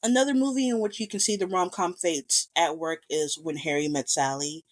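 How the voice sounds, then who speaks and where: Enthusiastic, lower-voiced woman gushing about a film. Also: fairly even intonation. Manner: enthusiastic, rambling, quick to gush. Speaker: podcast host. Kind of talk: casual film commentary.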